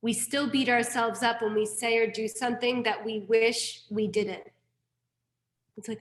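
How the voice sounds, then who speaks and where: A woman gives a Buddhist class at an unhurried pace, her voice a little high. She talks frankly and casually and drops in self-mocking asides. The room around her is echoey. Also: fairly even intonation. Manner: frank, candid teaching with mild profanity and self-deprecating asides. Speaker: Buddhist teacher. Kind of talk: dharma class lecture.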